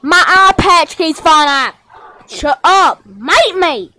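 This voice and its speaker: A woman improvising a rowdy play-acted scene in many voices, shouting out and hurling insults. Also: extremely high pitch, expressive, slow pace.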